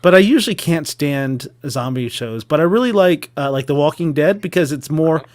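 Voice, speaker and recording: A man's voice: fairly high pitch, moderate pace. A middle-aged man co-hosting a live web show, laughing often and chatting casually. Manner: laughs a lot, lively and chatty. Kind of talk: casual live-stream chat.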